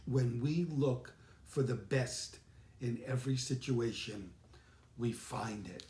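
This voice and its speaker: Slow-spoken man preaching in an echoey room. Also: medium pitch. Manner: unhurried, gentle storyteller with reflective pauses. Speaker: senior minister. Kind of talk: sermon with storytelling.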